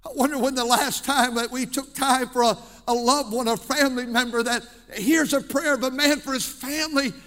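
A male pastor preaching in a church with a very high, bright, forceful voice. He swings from hushed pleading to shouting. The sound carries a long hall reverb. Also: fairly even intonation, moderate pace, hardly any pauses. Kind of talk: sermon. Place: church sanctuary.

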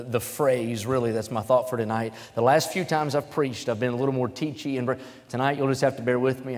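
A man preaching a sermon, switching between plain testimony and loud, emphatic scripture reading. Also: medium pitch, long reverb tail.

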